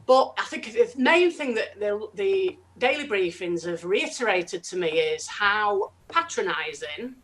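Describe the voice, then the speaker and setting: A woman's voice: mid-range voice, lively intonation, unhurried, few pauses, fairly bright tone, poor audio. A woman from the UK opening a stand-up set over a video call, chatty and ironic as she builds toward a joke. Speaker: stand-up comedian.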